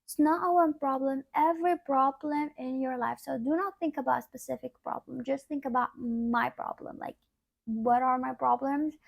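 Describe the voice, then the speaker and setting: A woman with a sick, cracking voice giving a casual pick-a-card tarot reading, rambling and often trailing off quietly. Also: high voice, fairly even intonation, normal speed, gravelly, dry recording. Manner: rambling, repeats "like", drops to quiet asides. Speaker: tarot reader.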